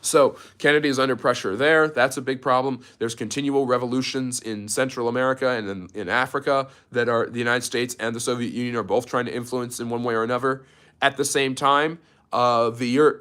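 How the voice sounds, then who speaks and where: A man's voice: mid-range voice, fairly bright tone. A man giving a loose, unscripted history lecture on a livestream, full of fillers and restarts, stopping now and then to answer viewer chat. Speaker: history teacher.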